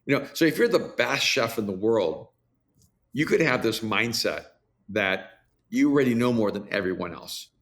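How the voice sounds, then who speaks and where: A man's voice: fairly low pitch, expressive, moderate pace, fairly bright tone. An older man hosting a podcast, talking in a reflective, musing way in casual conversation. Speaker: podcast host.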